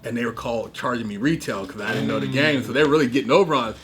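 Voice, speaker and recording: A man telling stories in casual conversation, animated, acting out other people's lines. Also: medium pitch, rapid-fire, a little hiss or hum. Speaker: guest. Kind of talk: casual storytelling.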